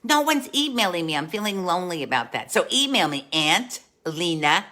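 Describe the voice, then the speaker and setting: A woman's voice: on the low side, very animated, normal speed, bright, forceful tone. A woman playing a chatty aunt. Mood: chatty storytelling. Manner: chatty, greets viewers, calls them dolls. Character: warm chatty Italian-American aunt, jolly and gossipy. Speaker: comic host. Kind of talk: live-stream storytelling in character.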